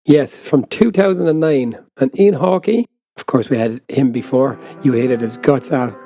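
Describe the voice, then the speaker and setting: A man's voice: mid-range voice, normal speed, dark tone, faint music behind. An Irish man co-hosting a casual chat podcast, rambling and self-deprecating, laughing often. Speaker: podcast co-host.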